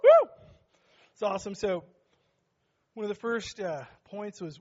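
A middle-aged man preaching a sermon as pastor in a church, joking with the congregation and building to shouts. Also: sits high, wildly swooping pitch, a little slow, muffled recording. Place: church sanctuary.

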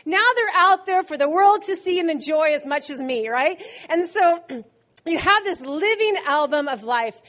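Animated high-voiced woman preacher. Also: moderate pace. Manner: animated storytelling, acting out quotes with laughs. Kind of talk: sermon.

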